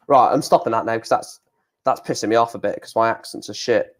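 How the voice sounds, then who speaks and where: A man's voice: medium pitch, brisk. A young man streaming a football watchalong, chatting in a rambling, jokey, self-deprecating way at a desk microphone. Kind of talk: live football watchalong commentary.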